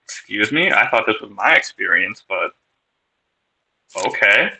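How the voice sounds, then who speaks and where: A man's voice: on the low side, lively intonation, measured pace, gravelly, bright, forceful tone, slightly rough, low-quality recording. A man telling his recovery story on a podcast in a candid, wry way, with plenty of swearing. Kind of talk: casual personal storytelling.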